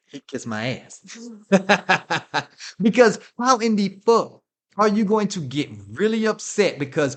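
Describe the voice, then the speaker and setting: A man rants on his radio show in an animated, swooping voice that sits a little high. He swears freely and laughs between points in a loose, casual talk style. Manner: profane, laughing, animated ranting.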